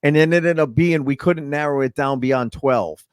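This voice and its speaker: A man's voice: fairly high pitch, normal speed, smooth, dry recording, studio quality. A man co-hosting a podcast, explaining an idea from the show and often agreeing. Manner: explains the show's ideas, agrees a lot. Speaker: podcast co-host. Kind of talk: casual chat.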